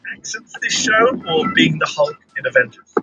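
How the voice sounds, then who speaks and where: A man interviewing a guest with upbeat, teasing and flattering questions. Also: a little high, brisk, background noise. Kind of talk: talk-show interview.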